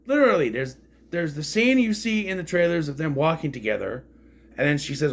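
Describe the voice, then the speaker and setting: A man's voice: on the high side, big pitch swings, normal speed, a bit bright. A man casually reviewing a film, rambling and frank, swearing freely as he complains. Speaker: movie reviewer.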